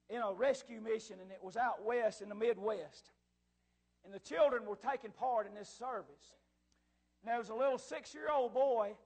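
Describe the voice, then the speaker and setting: A male pastor preaching a sermon with fervor, often rising into shouts and breaking into chuckles. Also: sits high, gravelly, slightly rough.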